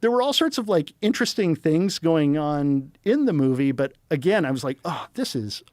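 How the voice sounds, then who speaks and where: Animated middle-aged man telling rambling stories. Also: fairly high pitch, moderate pace, dry recording, clean studio sound. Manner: rambling, animated storytelling with quoted asides. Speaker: podcast guest, screenwriter. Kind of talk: casual chat.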